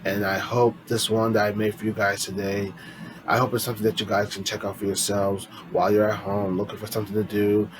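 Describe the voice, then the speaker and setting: A man's voice: lowish voice, flat delivery, brisk, background noise. A man casually reading his own poems to viewers, rambling and often restarting sentences. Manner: rambling, with frequent restarts and self-corrections; chatty, speaks directly to viewers as friends. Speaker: poetry vlogger.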